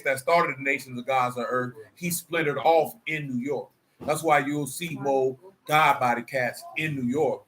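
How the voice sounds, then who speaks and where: A man preaches in a conversational, streetwise style, mixing his sermon with casual asides and rhetorical questions. His voice is mid-range and bright, with a little hiss or hum in the recording.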